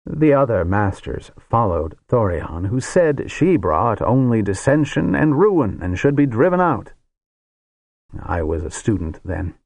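A man reading a fantasy novel aloud in a slow, deliberate narration. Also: lowish voice, gravelly, darkish tone, dry recording. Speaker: audiobook narrator.

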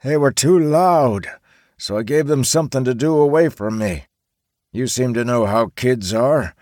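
A man's voice: mid-range voice, animated, unhurried, a little mellow, no echo, clean studio sound, voice pushed up, natural voice. A man voicing a blunt, grumpy old grandfather in an audiobook. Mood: matter-of-fact. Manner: blunt, matter-of-fact. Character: grumpy old grandfather who dislikes talking. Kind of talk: audiobook character voice.

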